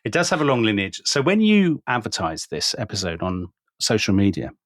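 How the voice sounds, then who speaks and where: A man with a low voice co-hosts a podcast and talks quickly and at length, with a wordy, self-mocking manner. He often runs several thoughts together. The sound is dry and close. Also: sing-song, dry recording. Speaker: podcast co-host and author. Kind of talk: casual chat.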